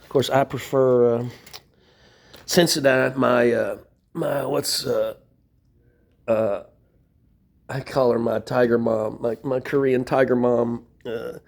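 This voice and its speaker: A man's voice: medium pitch, fairly even intonation, slow, vocal fry, pauses often. A middle-aged man talking in a rambling, casual monologue from a shelter floor, venting with profanity and wry laughs. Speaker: vlogger. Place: shelter room, sitting on floor.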